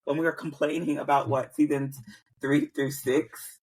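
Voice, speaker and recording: A woman's voice: sits low, little pitch movement, moderate pace, a little mellow, slightly rough. Rambling woman podcast co-host. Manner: rambling, many fillers and restarts. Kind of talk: casual chat.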